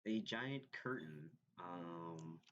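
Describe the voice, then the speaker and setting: A man's voice: sits low, expressive, drawn-out words, fairly bright tone. A man narrating as game master of a tabletop game, hesitant and full of fillers and restarts. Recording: dull lo-fi recording.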